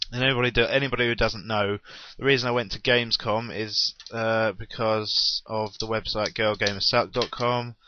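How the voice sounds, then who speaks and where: A man's voice: lowish voice, no echo, dull audio. A young man chatting unscripted in a rambling, self-deprecating way on his gaming vlog. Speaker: gaming vlogger.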